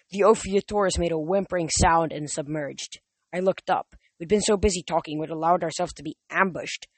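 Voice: mid-range voice, brisk, no echo. An audiobook reader narrating a first-person novel in a plain reading with small slips.

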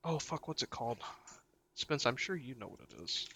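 A man's voice: mid-range voice, animated, normal speed, bright, forceful tone, slight background noise. A man on a podcast, chatting casually and telling a story with laughs and the odd swear word. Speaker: podcast co-host. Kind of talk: casual chat.

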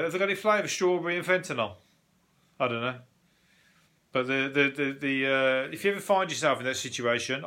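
A man rambles through the day's odd headlines, swearing freely and breaking into laughs. His voice sits a touch high and comes across bright and forceful. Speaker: podcast host. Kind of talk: casual news review chat.

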